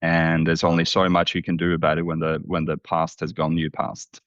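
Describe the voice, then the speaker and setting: A man hosting a podcast, relaxed and agreeable in casual chat. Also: low voice, normal speed, no echo, dull audio. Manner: relaxed, agreeable, lots of "yep". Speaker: podcast host.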